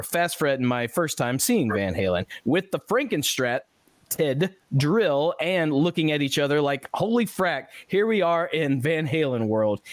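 A man hosting a podcast, casually reading listener comments aloud with animated asides and frequent laughs. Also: on the high side, no room sound. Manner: animated, laughs often, restarts sentences. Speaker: podcast host.

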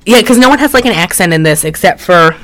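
A man's voice: sits high, expressive, quick pace, a bit bright. A man co-hosting a casual chat, recapping a film in a rambling, jokey way with lots of fillers. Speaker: podcast co-host.

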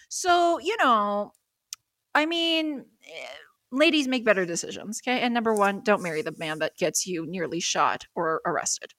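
Young female co-host, bright crisp voice, fast filler-heavy storytelling, dry close sound. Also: medium pitch, no echo. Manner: animated, laughing, lots of fillers. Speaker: podcast co-host. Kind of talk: casual storytelling chat.

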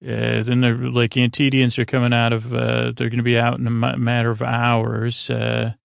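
Gravelly flat-voiced man rambling sleepily. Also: medium pitch, normal speed, dry recording. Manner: meandering, full of uh fillers. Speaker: podcast host. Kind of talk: rambling sleepy episode recap.

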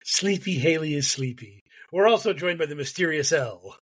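A man's voice: on the high side, lively intonation, moderate pace, fairly bright tone, breathy edge. A man hosting a podcast who opens the show with upbeat introductions of his co-hosts. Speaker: podcast host. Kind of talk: show opening.

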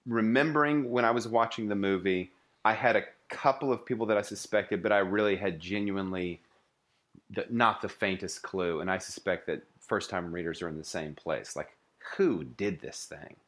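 A man with a somewhat low voice talks about books in a playful, expressive way, often breaking into light laughter. He sounds relaxed and conversational. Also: moderate pace. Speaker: podcast co-host. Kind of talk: casual book-discussion chat.

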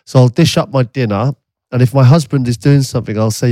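A man of ordinary pitch co-hosting a podcast, chatting casually and defending himself with frequent laughs and stumbling restarts. His voice is close and dry on the mic, with no room sound. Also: fast talker, warm tone, no echo. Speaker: podcast co-host. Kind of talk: casual banter.

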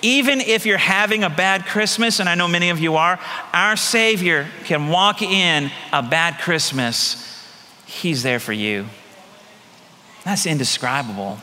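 A middle-aged man, a pastor preaching a sermon in a conversational storytelling way, dropping soft and slow on key phrases. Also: high-pitched, long reverb tail. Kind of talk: sermon with personal stories.

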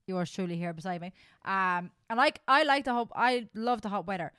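Animated Irish woman co-hosting a chat podcast. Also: mid-range voice, brisk, clean tone, no echo, studio quality. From Ireland. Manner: animated, swears freely, laughs often. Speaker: podcast co-host. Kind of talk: casual chat.

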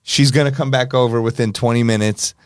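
A man hosting a podcast in casual chat, a relaxed storyteller who acts out the voices of the people in his stories. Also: medium pitch, a little fast, clean tone, no echo, studio quality. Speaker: podcast host, DJ.

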